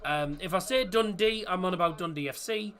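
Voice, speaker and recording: Male watchalong host, bright and forceful, casual commentary with plenty of rambling asides to viewers. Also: high-pitched, fairly quick. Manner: chatty and rambling, corrects himself, chats with viewers. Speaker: host of a football watchalong stream. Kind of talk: casual live match commentary.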